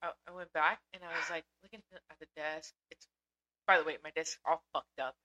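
Young woman cohost chatting casually, bright voice, swears while telling stories. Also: deep voice, fairly even intonation, a little fast, lo-fi sound. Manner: casual, profane storytelling. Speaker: podcast co-host. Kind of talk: casual chat.

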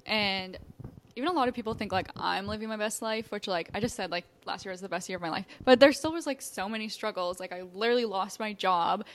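A woman in her early twenties co-hosting a podcast, talking casually with lots of fillers in quick bursts. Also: medium pitch. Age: early 20s. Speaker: podcast co-host. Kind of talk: casual chat.

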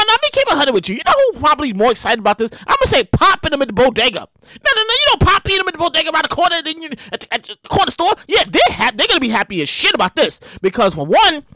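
Animated, slangy New woman. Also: high voice, dry recording. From New York. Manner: animated, slangy, acts out quoted voices. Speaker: commentator. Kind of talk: casual news commentary.

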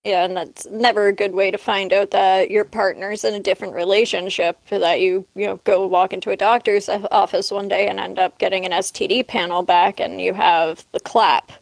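Frank woman host, slight vocal fry. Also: medium pitch, flat delivery, moderate pace, few pauses, no echo. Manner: frank and direct, steers the talk. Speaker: podcast host. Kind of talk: casual podcast chat.

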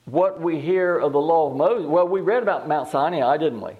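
Higher-voiced man preaching a sermon. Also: moderate pace, phone-quality sound. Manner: reads scripture aloud and asks the listeners questions; repeats words and restarts phrases. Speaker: pastor.

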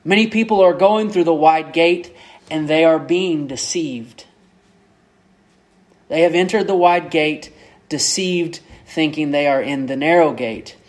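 Slow, measured male pastor preaching. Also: a little high. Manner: measured, repeats and stresses key words. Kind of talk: sermon.

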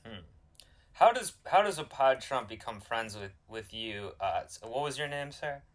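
A man's voice: medium pitch, animated, moderate pace. A man co-hosting a podcast in casual comedic chat, teasing and often restarting his sentences. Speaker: podcast co-host.

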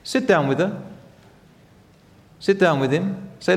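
A man's voice: sits high, takes it slowly, big-room sound. A man preaching a sermon as a teacher, speaking earnestly and putting direct questions to his listeners.

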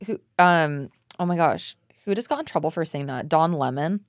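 A woman's voice: low voice, expressive, normal speed, dry recording, studio quality. A woman in her twenties with a Californian accent, co-hosting a casual podcast chat, chatty and giggly, rambling through stories. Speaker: podcast co-host. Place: small studio.

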